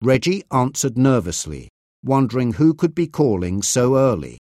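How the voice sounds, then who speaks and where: A man reading a story aloud as narrator, slowly, clearly and deliberately. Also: medium pitch, very animated, warm tone, no echo, studio quality. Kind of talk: scripted narration of a graded reader.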